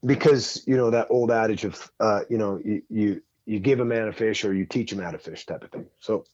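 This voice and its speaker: A man's voice: fairly low pitch, fairly quick, darkish tone, no echo. Profane, rambling man on dull audio. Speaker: guest. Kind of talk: casual storytelling.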